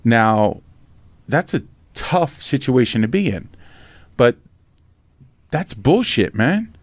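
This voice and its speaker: This is a middle-aged man from Pennsylvania telling his own story in a podcast interview. He is blunt and swears freely, and he keeps checking in with a quick "right?" His voice sits at a middle pitch and jumps up when he acts out a quote. He is recorded dry and close. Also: very animated, no room sound. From Norristown, Pennsylvania, USA. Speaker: podcast host and memoir author.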